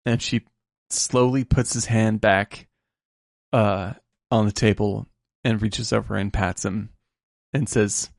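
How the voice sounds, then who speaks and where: A man's voice: fairly low pitch, steady tone, slow, vocal fry, long pauses, no echo, studio quality. A man co-hosting a casual film podcast, retelling scenes with feeling and swearing freely. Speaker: podcast co-host.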